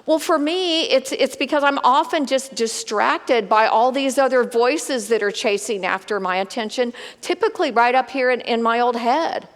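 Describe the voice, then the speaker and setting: Woman leading a women's Bible study, lively and chatty, fairly high voice, echoing large room. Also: moderate pace, hardly any pauses. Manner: conversational, animated, talks straight to the group.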